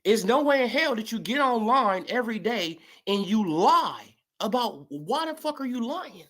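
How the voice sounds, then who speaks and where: Animated, profane woman ranting. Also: on the high side, normal speed. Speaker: sports commentary vlogger. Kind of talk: ranting commentary vlog.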